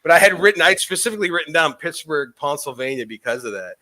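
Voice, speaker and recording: A man's voice: on the high side, animated, quick pace, bright, forceful tone. A man co-hosting a casual podcast, rambling, laughing and swearing, a bit tipsy after drinking. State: has been drinking. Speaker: podcast co-host. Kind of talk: casual chat.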